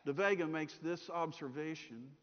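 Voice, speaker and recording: A man's voice: a little high, moderate pace. A middle-aged man preaching a sermon, telling stories and acting out the voices in them. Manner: storytelling, acts out voices in anecdotes. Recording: dull sound in a reverberant hall.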